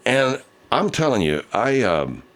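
A man's voice: mid-range voice, sing-song, unhurried, a bit bright. A man hosting a casual talk show, telling a rambling, profane story with many restarts. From Southern California. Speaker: show host.

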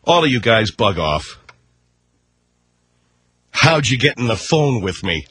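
A man's voice: mid-range voice, very animated, slow pace, a bit bright, husky. A middle-aged man hosting a comedy radio show, joking wryly and bickering with exasperation. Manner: wry, exasperated banter.

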